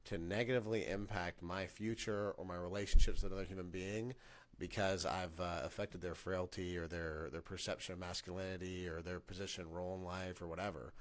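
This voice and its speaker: Podcast host, man in his late twenties: chatty, reflective, low-ish voice. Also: fairly even intonation, a little fast. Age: 20s. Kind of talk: casual chat.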